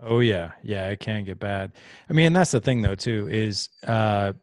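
A man's voice: lowish voice, moderate pace, no room sound, clean studio sound. A middle-aged man hosting a podcast, explaining ideas in casual conversation and acting out little example dialogues. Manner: earnest, explains with examples and acted-out quotes. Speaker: podcast host.

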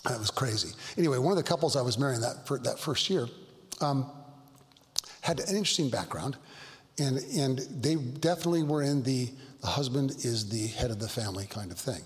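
A middle-aged male pastor telling stories in a Bible study, earnest and halting, with frequent restarts. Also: mid-range voice. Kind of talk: Bible study talk, storytelling. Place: church hall. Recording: long hall reverb.

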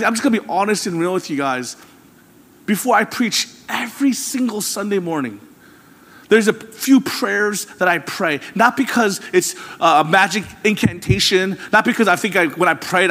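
A man's voice: sits high, brisk, fairly bright tone, big-room sound. A man preaching a sermon as pastor, talking candidly and conversationally to his congregation with rising emphasis.

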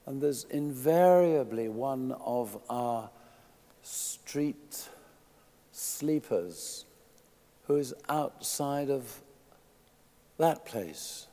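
A man preaching a sermon in a church, emphatic, swinging from quiet asides to loud declarations. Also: mid-range voice, big-room sound.

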